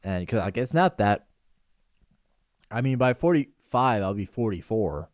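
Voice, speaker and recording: A man's voice: lowish voice, lively intonation, a little slow, no echo, studio quality. A man in his twenties co-hosting a podcast, telling rambling, self-deprecating stories in casual chat with a giggly manner. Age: 20s. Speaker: podcast co-host.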